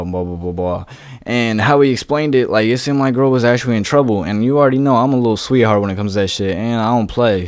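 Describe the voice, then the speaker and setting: A man's voice: on the low side, dry recording. A young man from West Virginia telling a personal story in a loose, profane, laid-back way, acting out the people he quotes. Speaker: vlogger. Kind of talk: casual storytelling.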